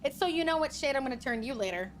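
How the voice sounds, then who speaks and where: A woman's voice: sits high, lively intonation, very fast, slight background noise. A woman streaming a game, chatting with viewers in a flirty, teasing, playfully menacing way. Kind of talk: casual game-streaming chat.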